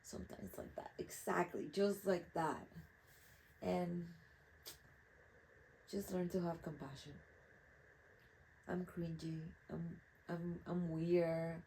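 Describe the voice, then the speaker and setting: A woman's voice: fairly low pitch, steady tone, slow pace, pauses often, dark tone, a little hiss or hum, poor audio. A young woman whose first language is Spanish, talking candidly and rambling while she paints outdoors at night. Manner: candid, rambling, self-reflective. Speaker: artist. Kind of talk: casual talk while painting.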